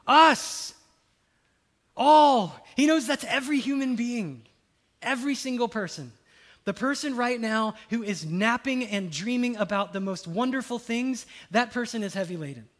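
A man preaching a sermon, rising to loud exclamations and dropping to hushed quotes. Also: on the high side.

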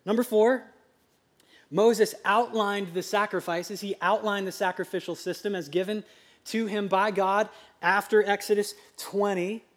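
A man with a notably high voice preaches to his congregation as their pastor. He talks in a chatty, lively way and now and then bursts out loud. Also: unhurried. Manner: lively, conversational preaching with sudden loud outbursts. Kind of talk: preaching a sermon. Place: church sanctuary.

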